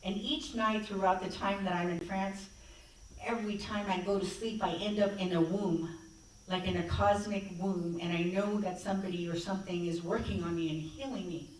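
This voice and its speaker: A woman's voice: mid-range voice, steady tone, normal speed, a little hiss or hum. A woman guest speaker in a church, telling a personal story in a conversational way and acting out bits of dialogue. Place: church sanctuary. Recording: echoey hall, distant mic.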